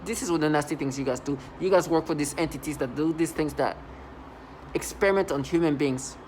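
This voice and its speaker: A man talking in a rambling vlog monologue, halting and restarting, with sudden loud agitated outbursts. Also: a little high, a little hiss or hum, rough recording. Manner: halting, many restarts and fillers. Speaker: vlogger.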